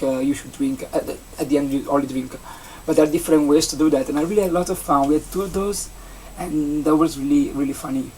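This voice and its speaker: A young adult vlogger from Italy with an Italian accent, a native Italian speaker chatting casually in English, rambling and halting with many restarts and fillers. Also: mid-range voice, darkish tone. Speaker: vlogger, seasonal campsite entertainment worker. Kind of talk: casual vlog chat. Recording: distant mic with faint background noise.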